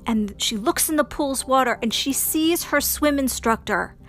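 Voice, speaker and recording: A woman narrating a bedtime story for children in a slow, sing-song, dramatic way. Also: high voice, fairly bright tone.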